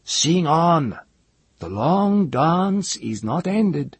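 A man's voice: a little high, very animated, very slow, husky, dry recording, pitched above the performer's own voice, exaggerated voice. A man voicing a chief who questions and orders the singer in a raised, insistent voice. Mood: commanding. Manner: commanding, then uncertain. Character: puzzled island chief, man.

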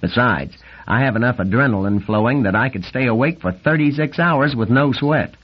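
A man voicing an excitable young male navy lieutenant, brash and nasal, talking fast and swearing freely in an audiobook reading. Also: fairly low pitch, slightly rough. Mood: scornful. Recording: dull lo-fi recording.

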